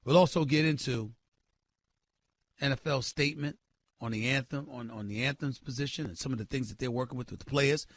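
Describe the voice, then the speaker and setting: A man hosting a sports talk show, ranting loudly and emphatically with incredulous exclamations and direct calls to his listeners. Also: mid-range voice, fairly quick, dry recording. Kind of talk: sports radio rant.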